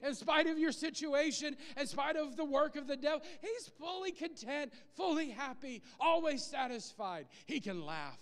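High-voiced preacher in an echoing hall. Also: male voice, normal speed, few pauses. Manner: animated, laughs often, acts out scenes. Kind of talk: sermon. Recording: long hall reverb.

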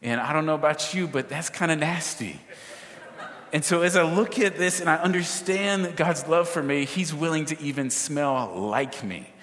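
A man preaching a sermon, energetic, throwing questions and asides to the congregation. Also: fairly high pitch, normal speed, long reverb tail. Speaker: pastor.

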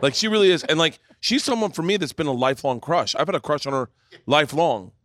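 A middle-aged man hosting a live podcast, rambling loudly through stories, swearing and laughing. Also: on the high side, animated, fast talker, dry recording, studio quality. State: tipsy. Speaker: podcast host. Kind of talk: live podcast comedy storytelling. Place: brewery stage before a live audience.

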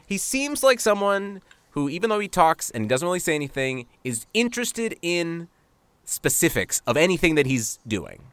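A man co-hosting a sports podcast, chatting casually and ribbing with animated sarcasm. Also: fairly high pitch, moderate pace, clean tone, dry recording. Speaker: podcast co-host.

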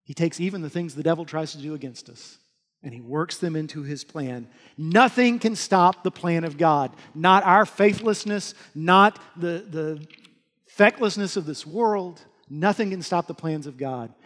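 A male pastor giving an earnest sermon, swinging between loud urging and soft, hushed lines. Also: a little high, measured pace. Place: church hall. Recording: long hall reverb.

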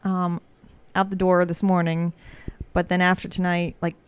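A woman's voice: lowish voice, moderate pace, smooth, dry recording. Chatty, laughing woman podcast host. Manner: chatty, laughs often, animated storytelling. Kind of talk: casual chat.

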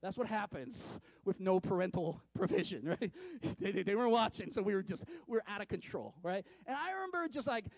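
High-voiced conversational man preaching. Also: expressive, a little fast, creaky, few pauses, no room sound. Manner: conversational, repeats words, swings from loud to hushed. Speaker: pastor. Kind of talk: sermon.

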